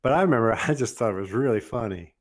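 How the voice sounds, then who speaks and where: An older man telling a funny personal story in an animated, casual way, often laughing and acting out what others said. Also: mid-range voice, fast talker. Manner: laughs often while telling, acts out quoted voices.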